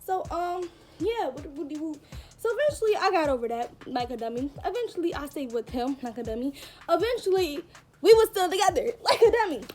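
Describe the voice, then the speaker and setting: A young adult woman vlogger telling a story to camera in a casual, animated and self-mocking way, talking straight to her viewers. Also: very high-pitched, a little fast.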